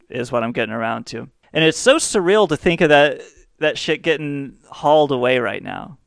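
A man's voice: medium pitch, gravelly, dry recording, studio quality. A young adult man hosting a podcast, telling rambling, profane, self-mocking stories in a casual way. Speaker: podcast host. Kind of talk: casual comedic storytelling.

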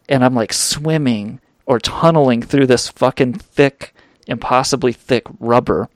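A young male radio host tells a long story at a slow, drawn-out pace, swearing freely and stumbling through fillers. His voice sits at a middle pitch. The sound is dry and close, with no room around it. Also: no room sound. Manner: profane, rambling with many fillers. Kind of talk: storytelling drug anecdote.

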